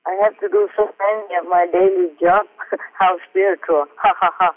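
A man reading aloud from his personal diary notes as a spiritual teacher, earnest and halting, with many fillers and small self-mocking laughs. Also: high voice, fairly even intonation, a little hiss or hum. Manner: earnest, heartfelt. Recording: tinny phone-like audio.

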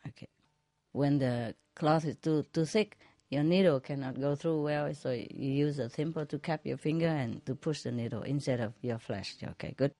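A woman, a spiritual teacher, telling jokes to a group in a slow, chuckling way, often checking whether her listeners follow. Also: rumbling low, dark tone.

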